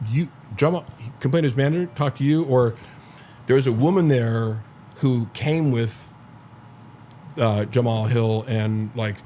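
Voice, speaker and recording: A man's voice: medium pitch, measured pace, long pauses, dark tone, slight background noise. A man on a podcast telling long rambling stories in casual chat, full of 'like' and swearing. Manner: rambling storyteller, heavy filler 'like', profane. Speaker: podcast host.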